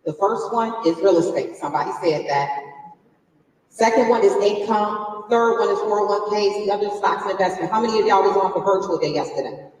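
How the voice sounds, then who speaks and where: A woman's voice: medium pitch, fairly quick, a little mellow. A woman in her forties giving a motivational business talk from a conference stage, quizzing the audience and telling a personal story. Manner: conversational, quizzes the crowd, emotional personal story. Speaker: conference speaker. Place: large conference hall stage. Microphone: distant from the recording mic. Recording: echoey hall captured from far off.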